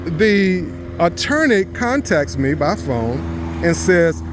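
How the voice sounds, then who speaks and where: A man with a fairly high voice recounts a property deal in a deliberate, storytelling way. He stresses the words that matter and acts out both sides of the conversation. Faint traffic hums in the background. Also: sing-song. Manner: deliberate, stresses key words, quotes others in dialogue. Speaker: real estate investor.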